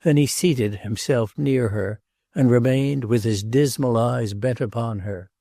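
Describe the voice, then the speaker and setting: Male audiobook reader, gravelly and mellow, close dry mic. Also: mid-range voice, a little slow, dry recording. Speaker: audiobook narrator. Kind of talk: scripted narration.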